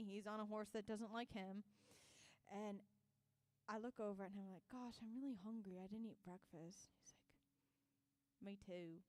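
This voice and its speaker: A woman's voice: mid-range voice, clear, resonant tone, no echo. A young woman, a singer-songwriter, telling a self-mocking story between songs and laughing as she goes. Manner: animated, self-mocking anecdote told with laughs.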